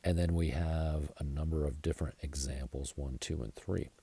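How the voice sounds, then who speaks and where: An American man teaching an English grammar lesson, going slowly and deliberately and spelling words out letter by letter. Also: very deep voice, steady tone, vocal fry, dark tone, breathy edge, no room sound. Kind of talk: slide-based grammar lesson.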